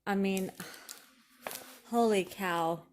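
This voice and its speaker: A woman, chatting excitedly to viewers while unboxing craft supplies. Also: mid-range voice, very slow, a little hiss or hum. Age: 40s. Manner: gushing, excitable, talks to viewers. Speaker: crafting vlogger. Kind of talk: casual unboxing commentary.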